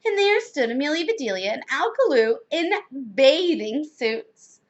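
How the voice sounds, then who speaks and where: A woman's voice: sits high, sing-song, measured pace, lo-fi sound. A woman reading a children's storybook aloud expressively. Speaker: reader.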